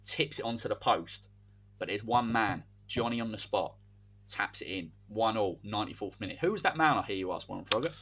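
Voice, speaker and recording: A man with a slightly husky voice co-hosts a casual podcast, spinning an imagined football season as if commentating it live. His pitch swings widely as he builds the story, animated and playful. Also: brisk. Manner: animated, spins a hypothetical tale like match commentary. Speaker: podcast co-host.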